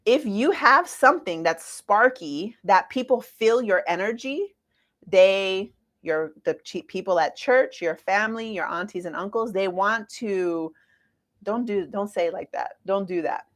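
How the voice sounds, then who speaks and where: A woman in her forties giving a casual astrology talk to viewers, chatty and lively with playful asides. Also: mid-range voice, moderate pace. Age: 40s.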